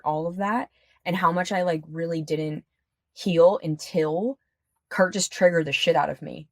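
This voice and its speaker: A woman's voice: fairly low pitch, dry recording, clean studio sound. A woman talking candidly as a podcast guest, chatty and full of fillers, swearing freely. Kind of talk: casual podcast conversation.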